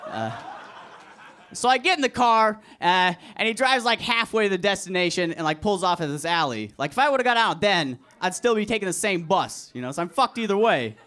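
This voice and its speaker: A young man doing a crude, deadpan, self-deprecating stand-up comedy set at an open mic in a comedy club. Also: high voice, a little fast. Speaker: stand-up comic. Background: audience laughter.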